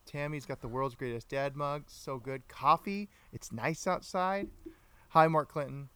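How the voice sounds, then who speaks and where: A man's voice: mid-range voice, measured pace, a bit bright, smooth, no room sound. A man hosting a casual livestreamed podcast, chatty and playful, greeting viewers by name. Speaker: podcast host.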